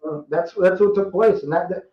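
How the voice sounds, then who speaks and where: Man, 50s, from Rhode Island; chatty guest storyteller, slightly high voice, roomy lo-fi audio. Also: expressive, brisk, vocal fry. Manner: rambling, chatty, repeats and restarts. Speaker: podcast guest. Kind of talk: casual storytelling. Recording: roomy, dull lo-fi sound.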